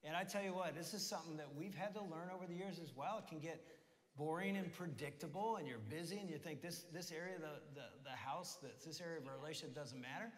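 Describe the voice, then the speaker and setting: Lively male pastor in a reverberant church. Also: a little high, quick pace. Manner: lively storyteller, laughing at his own anecdotes. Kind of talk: sermon with personal stories. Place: church auditorium. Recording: long hall reverb in church.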